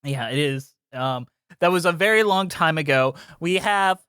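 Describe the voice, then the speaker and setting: A man's voice: fairly high pitch, animated, normal speed, sharp tone, clear, resonant tone, no echo, studio quality. A man hosting a casual podcast chat, playful and rambling, laughing often. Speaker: podcast host.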